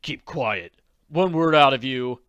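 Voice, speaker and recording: A man's voice: mid-range voice, slow pace, fairly bright tone, clear, resonant tone, no room sound. A man voicing a stern, determined teenage boy detective who gives commands. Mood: commanding.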